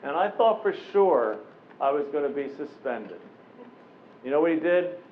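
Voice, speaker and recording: Animated storytelling man on a tinny recording. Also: fairly high pitch, normal speed. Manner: animated, anecdotal, often slips into voicing the people he quotes. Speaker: keynote speaker. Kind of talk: storytelling keynote address. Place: conference room with a live audience. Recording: tinny phone-like recording with faint noise.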